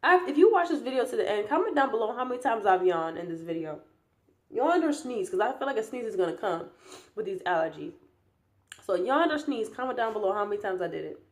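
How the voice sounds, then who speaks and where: A young woman vlogger chats casually through a rambling update, sounding tired and yawning, with a slight lisp from her new braces. Her voice sits fairly high with lively intonation and a darkish tone, moving fairly quickly. She rambles on, full of fillers and restarts.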